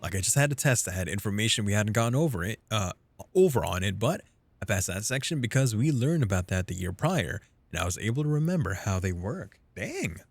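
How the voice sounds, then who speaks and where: A man's voice: on the low side, very animated, a little fast, soft background music. Rambling, chatty male game streamer. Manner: rambling, self-deprecating, chatty. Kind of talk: casual gaming chat.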